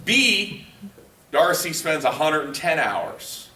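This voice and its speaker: A man's voice: a little high, animated, unhurried, sharp tone. A male trainer giving a conversational workshop lecture to a live group, often quizzing the room and using lots of fillers. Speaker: leadership trainer. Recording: echoey room, voice picked up from a distance.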